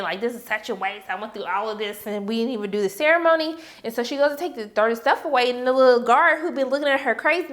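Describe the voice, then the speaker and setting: A woman hosting a TV episode review, recapping the plot in casual, animated talk with loud reactions. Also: fairly high pitch. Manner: animated, reacts loudly to what she recaps. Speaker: TV review host.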